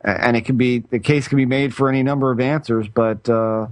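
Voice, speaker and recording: A middle-aged podcast co-host rambles through a story in casual chat, with a mid-range voice, steady tone and fairly quick pace. The recording is dry, and he frequently stops to start his sentences over.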